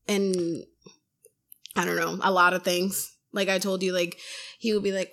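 A woman in casual podcast chat, loud and bubbly, telling animated stories with swearing and quoted voices. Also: on the low side, fairly quick. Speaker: podcast guest.

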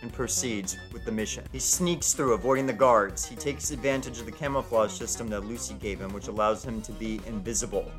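Man reading out an audio story, plain even voice, quiet guitar music behind. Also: on the low side, a little fast, few pauses. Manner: plain present-tense reading. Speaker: narrator. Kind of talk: amateur audio story narration.

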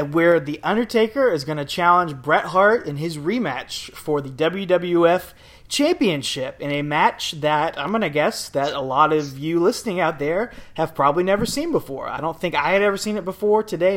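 A man's voice: sits high, moderate pace, a bit bright. A man hosting a casual podcast, upbeat and jokey, rambling a little with fillers. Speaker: podcast host.

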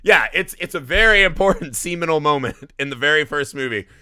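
A podcast host talks casually and animatedly about a horror film, often ending his points with "right?" His voice is fairly high, clear, and resonant, and he speaks fairly quickly. The sound is clean studio audio with no room sound.

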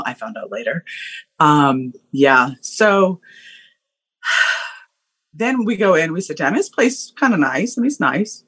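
A woman guest on a podcast, telling a personal story in an animated way, acting out voices and laughing often. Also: on the low side, a little slow, long pauses, husky.

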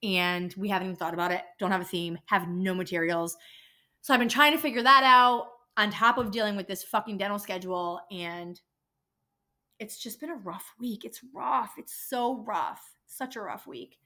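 A woman's voice: mid-range voice, normal speed, bright, forceful tone. A woman working in a dental office, venting about patients in a casual, profane rant on her own podcast. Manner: exasperated, profane ranting.

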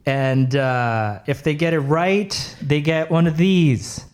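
A man's voice: a little high, takes it slowly, a little mellow. A man hosting a comedy game show, announcing in a rambling, stumbling way.

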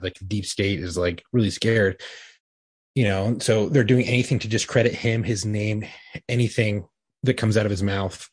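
Man, very deep voice, husky, dry close sound, rambling casual political chat. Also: steady tone, normal speed, no room sound. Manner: rambling, filler-heavy.

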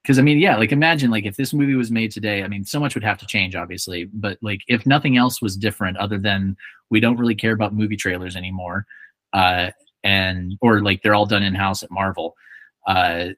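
Low-voiced man riffing on a podcast. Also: brisk, no room sound. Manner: joking, animated, acts out quotes. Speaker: podcast host. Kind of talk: casual chat.

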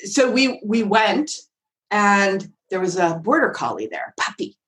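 A woman podcast guest telling a story in a chatty, animated way, often acting out voices with big swings in pitch. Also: unhurried, poor audio. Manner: chatty, frequent fillers like "like" and "right?". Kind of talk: casual storytelling.

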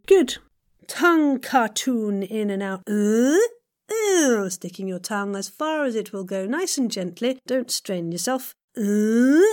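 A woman hosting a podcast episode, playfully leading listeners through vocal warm-ups and demonstrating the sounds herself, often giggling and slipping into whispers. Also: a little high. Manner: demonstrates vocal exercises out loud. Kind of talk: playful instructional warm-up coaching.

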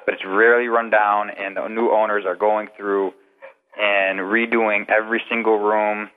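A man's voice: lowish voice, flat delivery, unhurried. A man, a guest paranormal investigator, telling rambling, detailed anecdotes in a casual interview over the phone. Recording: tinny phone line with long reverb.

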